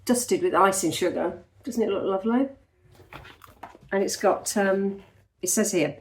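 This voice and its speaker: A woman's voice: medium pitch, a little slow, pauses often. A woman in her fifties from England with a light Midlands accent, rambling in a casual vlog and sounding a little nasal after a night of sneezing. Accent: English Midlands. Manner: chatty, rambling, self-deprecating. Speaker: vlogger. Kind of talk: casual chat.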